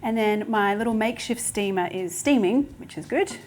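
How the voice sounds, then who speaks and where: A chatty, enthusiastic woman in her thirties walks through a recipe in her home kitchen, voice pitched in a middle range. Faint clatter of pots and dishes sits behind her. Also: normal speed, a little mellow, slight background noise. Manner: chatty, enthusiastic, talks with mouth full while tasting. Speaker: cooking show host. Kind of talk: casual cooking demonstration.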